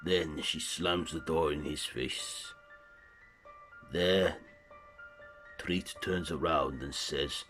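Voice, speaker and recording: Very deep-voiced man retelling a horror plot. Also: very slow, long pauses, a bit bright, faint music behind. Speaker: horror channel host.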